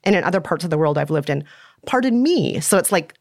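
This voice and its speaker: A woman's voice: low voice, racing, gravelly, dry recording, clean studio sound. A woman co-hosting a podcast, talking earnestly and reading listener letters aloud. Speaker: podcast co-host. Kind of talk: casual chat.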